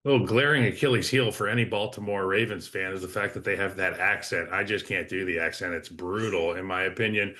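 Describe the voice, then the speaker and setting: A man's voice: sits low, steady tone, a little fast, few pauses, pushed and bright. A man giving football analysis on a talk show, opinionated and conversational. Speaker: football analyst, former player.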